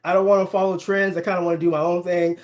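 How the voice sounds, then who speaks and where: High-voiced chatty man streaming live. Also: little pitch movement, fast. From Ohio, US. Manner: chatty, addresses viewers directly, laughs often. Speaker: sports channel host. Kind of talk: casual livestream chat reading comments.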